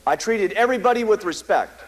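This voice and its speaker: An American company founder addresses a live audience at a company meeting, delivering an emphatic, repetitive motivational speech full of stories. His voice sits high and sounds expressive, moving a little fast, and the recording quality is low.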